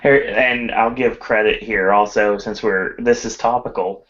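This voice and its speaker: Low-voiced measured man, lo-fi. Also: fairly even intonation, a bit bright. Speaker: podcast panelist. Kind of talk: casual wrestling chat. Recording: dull lo-fi sound.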